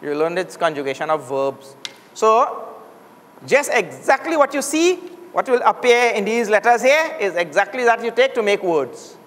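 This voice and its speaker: A man's voice: sits high, sing-song, moderate pace, a bit bright. A man from Trinidad and Tobago teaching a Sanskrit class, drilling sounds aloud for the students to repeat. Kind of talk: classroom lesson. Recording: long hall reverb.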